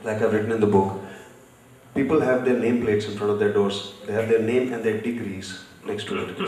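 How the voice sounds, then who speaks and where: A man's voice: lowish voice, a little mellow. Blunt man in an echoey hall. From India. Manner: blunt, storytelling. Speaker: festival guest, author. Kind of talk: live panel conversation. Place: festival session stage, large hall. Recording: echoey hall, distant mic.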